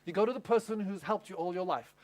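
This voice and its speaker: A man's voice: high voice, fast talker, darkish tone. A male pastor preaching at a camp meeting, telling a story and asking the audience questions. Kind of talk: sermon.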